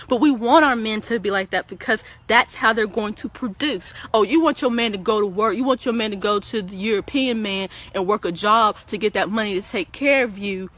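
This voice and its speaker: Speaking a little fast with few pauses, this woman has a medium-pitched, somewhat bright voice. As a guest on a livestream talk show, she shares casual opinions in a preachy, emphatic manner, speaking directly to viewers and repeating words at the start of her sentences.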